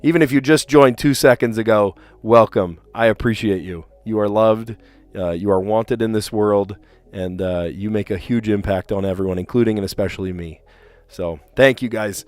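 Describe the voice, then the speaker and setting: Hoarse man ranting on a stream. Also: lowish voice, moderate pace, dry recording. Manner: ranting, chatty, with many fillers and restarts. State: sore, hoarse voice. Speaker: streamer and school teacher. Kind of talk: casual live-stream chat.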